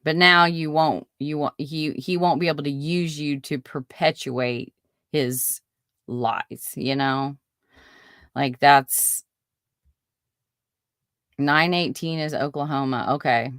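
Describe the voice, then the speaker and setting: A woman's voice: low-pitched, steady tone, slow, long pauses, fairly bright tone, no room sound, clean studio sound. A woman hosting a casual live stream, reading viewer comments aloud and reacting with outrage and apologies. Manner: chatty, reads viewer comments aloud, indignant. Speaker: podcast host.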